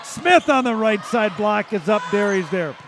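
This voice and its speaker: A man doing play-by-play of a high school volleyball match, calling plays quickly and shouting on big points. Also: lively intonation. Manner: rapid calls that rise to shouts at big plays. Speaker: play-by-play announcer. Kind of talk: volleyball commentary. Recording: loud crowd and gym noise.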